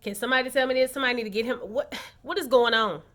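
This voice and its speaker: Sassy high-voiced woman vlogger. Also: very fast. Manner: sassy, animated commentary. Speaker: recap vlogger. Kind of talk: casual reality-show recap.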